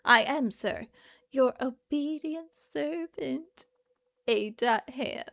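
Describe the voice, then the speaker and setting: A woman's voice: sits high, slow, vocal fry, a bit bright, heavily acted. A woman reading aloud as a stern male Victorian doctor, in a pompous, mock-formal way. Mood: indignant.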